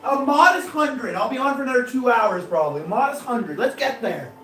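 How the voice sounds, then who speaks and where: A man hosting a casual live stream of knife-throwing trick shots, chatting to viewers and bursting into excited exclamations. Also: very high voice, fast talker. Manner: excitable, breaks into loud exclamations. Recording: echoey room, voice far from the mic, music behind.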